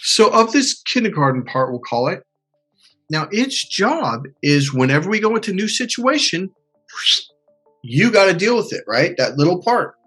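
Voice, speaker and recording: A man coaching a client in an animated way, acting out quotes and swearing casually. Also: high voice, moderate pace, slightly rough, soft background music. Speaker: life coach. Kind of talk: coaching session.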